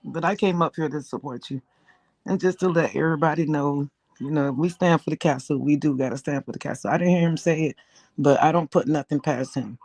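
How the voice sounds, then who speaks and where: Gravelly Southern woman, dry close sound. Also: sits low, brisk, darkish tone, dry recording. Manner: emphatic, blunt, loyal. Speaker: guest on a livestream. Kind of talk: casual supportive chat.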